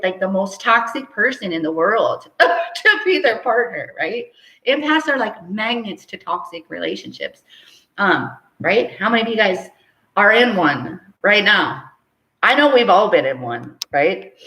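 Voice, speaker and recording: A woman's voice: mid-range voice, a bit bright. Chatty laughing woman in a roomy space. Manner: chatty, laughs often, reads out viewer comments. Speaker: live stream host and spiritual teacher. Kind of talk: casual live stream teaching. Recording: roomy echo.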